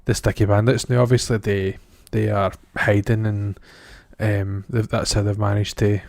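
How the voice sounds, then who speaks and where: A man's voice: on the low side, level tone, moderate pace, gravelly, a little mellow, dry recording. A Scottish man co-hosting a podcast, chatting casually about a film in a rambling, self-deprecating way with frequent laughs. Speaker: podcast co-host. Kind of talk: casual film review chat.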